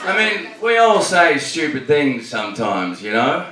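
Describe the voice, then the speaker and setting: A man's voice: on the high side, sing-song, a little slow, bright, forceful tone. A man with an Australian accent doing a brash, profane stand-up comedy set on a club stage. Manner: brash and profane, punchy delivery. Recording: echoey club from a distance, noisy.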